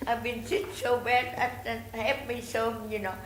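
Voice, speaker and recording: A resident who is a native Vietnamese speaker gives distressed, pleading public comment at a city council meeting. Her Vietnamese-accented English is halting and broken, full of restarts and repetitions, in a fairly high, flat voice. The council chamber at city hall sounds echoey, with faint background noise.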